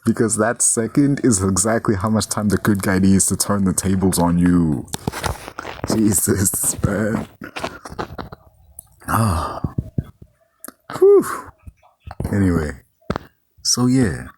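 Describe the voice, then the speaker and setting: A man's voice: sits low, slow pace, pauses often, a little mellow, slight background noise. A man giving a casual, rambling movie review, swearing freely and saying "like" a lot. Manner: rambling, profane, heavy use of "like".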